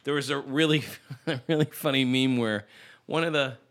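A man's voice: mid-range voice, normal speed. A man co-hosting a podcast, chatting casually and joking playfully with his friend. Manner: playful, joking, lively delivery. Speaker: podcast co-host. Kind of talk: casual comedic chat.

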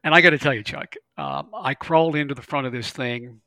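A middle-aged man, a glider pilot, telling stories in a folksy, animated way during an interview. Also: mid-range voice, brisk, dry recording. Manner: folksy, animated storyteller with laughs and stammers. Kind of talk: conversational interview storytelling.

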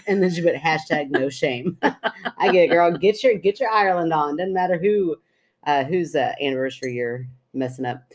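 A woman's voice: low voice, darkish tone. A woman co-hosting a podcast, chatting with her sister, giggling, and reading a listener's ghost story aloud with asides. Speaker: podcast co-host.

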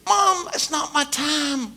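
A man's voice: very high-pitched, takes it slowly, gravelly, sharp tone, heavily acted. A man voicing a young boy in a sermon anecdote, whining and sheepish. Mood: whiny.

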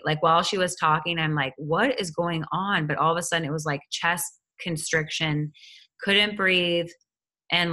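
A woman with a low, bright, forceful voice chats casually to camera about her own week. She is a hypnotherapist, and she keeps acting out her own thoughts and other people's lines as she goes. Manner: chatty, animated, acts out what people said. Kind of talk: casual personal chat.

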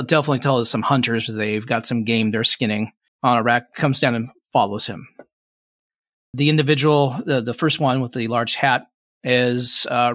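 A man narrating as game master, halting with fillers and restarts as he describes the scene. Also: medium pitch, fairly bright tone, dry recording, clean studio sound.

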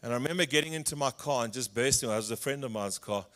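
A middle-aged pastor from South Africa preaches with a voice pitched in the ordinary middle range for a man. He tells personal stories and acts out the people in them, rising loud and then dropping to near-hushed tones. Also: quick pace. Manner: storytelling preacher, acts out dialogue, swings between loud and hushed. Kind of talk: sermon.

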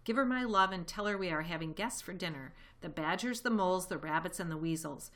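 A woman's voice: fairly low pitch, expressive, fairly quick, fairly bright tone. A woman reading a storybook voices a clever, gleeful fox father who gives grand orders. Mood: warm.

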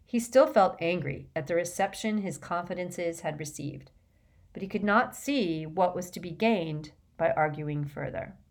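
A woman reading an audiobook with steady, expressive narration. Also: on the low side, measured pace.

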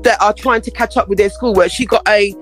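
A woman's voice: brisk, soft background music. A middle-aged woman co-hosting a casual podcast, telling funny family stories and acting out what people said. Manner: animated storyteller, acts out quotes with big pitch swings. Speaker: podcast co-host. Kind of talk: casual chat.

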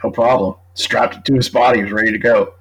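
On a poor-quality recording, a middle-aged male author, guesting on a true crime podcast, chats casually and talkatively as he builds his argument point by point. His medium-pitched voice moves fast with fairly even intonation, a slightly bright tone and a breathy edge.

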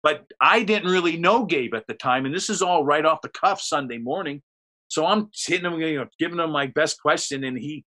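A man telling a long, rambling anecdote in casual chat, acting out what people said. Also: on the high side. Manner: rambling, animated, acts out quotes. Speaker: storyteller guest.

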